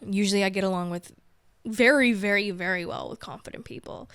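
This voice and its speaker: A woman's voice: mid-range voice, brisk, fairly bright tone, clean tone, dry recording. A young woman hosting a podcast, chatting candidly on her own in a rambling way, with "like" in almost every sentence. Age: young adult. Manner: rambling, heavy use of filler "like", candid and chatty. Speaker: podcast host. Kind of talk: casual solo chat.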